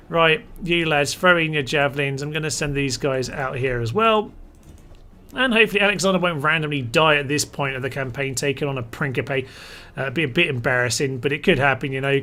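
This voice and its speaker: A man's voice: a little high, bright, forceful tone. A man giving chatty live commentary on a strategy game and talking his units through their orders. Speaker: gaming channel host.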